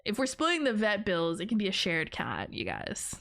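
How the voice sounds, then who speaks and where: A woman's voice: mid-range voice, wildly swooping pitch, normal speed, gravelly, a bit bright. A woman streaming live, chatting casually with her viewers in a rambling, giggly, playful way. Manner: playful teasing of her chat.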